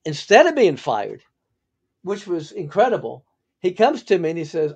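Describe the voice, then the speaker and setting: Older male podcast host, husky storyteller who acts out the quotes. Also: normal speed. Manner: animated, acts out quotes with big pitch jumps. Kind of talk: storytelling monologue.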